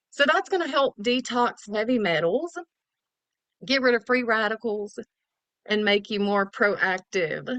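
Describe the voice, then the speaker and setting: A woman's voice: a little high, moderate pace, fairly bright tone, no room sound. A woman giving a chatty, casual product overview as a wellness promoter. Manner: chatty, salesy, casual slang.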